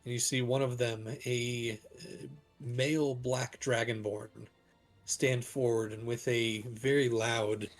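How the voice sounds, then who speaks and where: A man narrating as game master of a tabletop game, slow and halting. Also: mid-range voice, level tone, soft background music.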